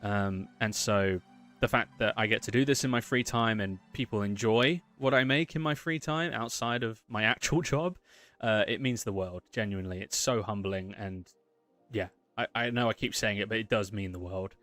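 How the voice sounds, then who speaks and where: A man's voice: fairly low pitch, moderate pace, fairly bright tone, faint music behind. A man chatting casually and upbeat as he streams his animation work, thinking aloud as he goes. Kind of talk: casual livestream talk while working.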